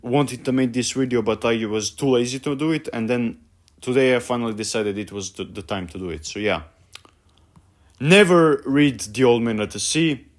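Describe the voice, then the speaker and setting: A man's voice: medium pitch, normal speed. A young man ranting about a book he hates, profane and exasperated, stumbling over his words with many fillers. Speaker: vlogger.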